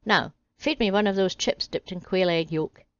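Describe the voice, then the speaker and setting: A woman's voice: fairly low pitch, normal speed, no room sound, dull audio, lightly acted. A woman voicing a small, crude, demanding male frog in a storybook parody, talking in a brash, mocking way. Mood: cheeky.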